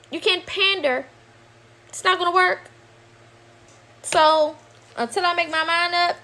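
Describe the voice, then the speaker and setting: Indignant high-voiced woman ranting. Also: fairly bright tone. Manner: indignant, emphatic, profane, repeats points. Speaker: woman in a played video clip. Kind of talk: heated monologue.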